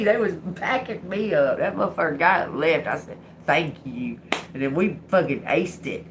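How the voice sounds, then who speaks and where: Brief: middle-aged woman hosting a livestream, low-pitched with a raspy edge, blunt, animated storyteller. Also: normal speed, a little hiss or hum. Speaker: livestream host. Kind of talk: casual storytelling monologue.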